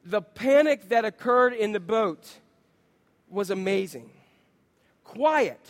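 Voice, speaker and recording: A man preaching a sermon, telling stories with lively acted-out quotes and asking his listeners questions. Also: sits high, measured pace. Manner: animated storytelling, acts out quotes, asks the congregation questions. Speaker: pastor.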